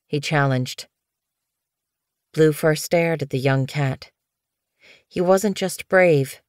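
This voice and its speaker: A woman narrating an audiobook in a steady, even storytelling manner. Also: sits low, takes it slowly, long pauses, dry recording, clean studio sound. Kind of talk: scripted narration.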